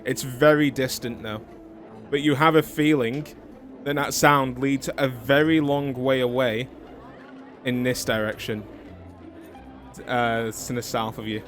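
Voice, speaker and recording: A man's voice: mid-range voice, measured pace, long pauses, some chatter behind. Man running a tabletop game. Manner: relaxed, thinking aloud with many fillers. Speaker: game master. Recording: background music under the talk.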